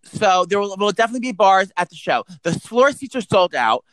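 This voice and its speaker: A man's voice: sits high, big pitch swings, a little fast, fairly bright tone, no room sound, poor audio. A young man co-hosting a podcast, talking in a crude, joking, rambling way. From US East Coast. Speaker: podcast co-host. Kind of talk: casual chat.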